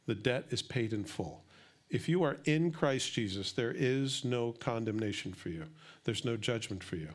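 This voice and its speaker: A middle-aged pastor speaks at normal speed and medium pitch during his sermon. His delivery swings from hushed, close asides up to booming, eager emphasis.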